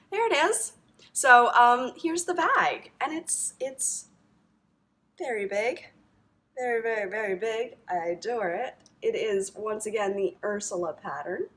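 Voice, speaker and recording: A woman with a fairly high, fairly bright voice hosts a knitting podcast. She chats casually to camera, gushing and rambling, full of ums and likes.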